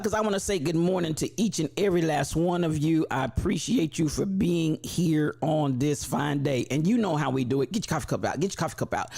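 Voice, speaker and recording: Gravelly, animated man hosting a stream. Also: fairly high pitch. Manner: animated, repetitive preacher-like cadence. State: gravelly from allergies. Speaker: livestream host. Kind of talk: live stream greetings and shout-outs.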